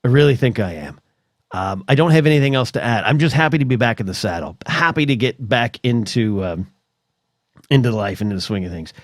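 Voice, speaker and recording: A middle-aged American man hosts a solo podcast, rambling chattily through stories full of asides. His medium-pitched voice is animated and fairly quick, and the studio recording is clean with no room sound.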